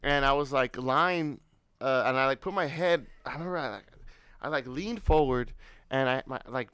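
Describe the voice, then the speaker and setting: A young man co-hosting a casual chat, telling a story in a rambling, animated way with lots of fillers and swearing. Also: medium pitch, moderate pace, clear, resonant tone, no echo, clean studio sound. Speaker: podcast co-host.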